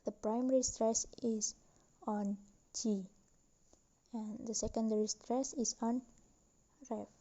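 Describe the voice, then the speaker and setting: A young woman student slowly reading a class presentation with careful, deliberate delivery. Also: a little high, fairly even intonation, mellow, dull audio. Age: young adult.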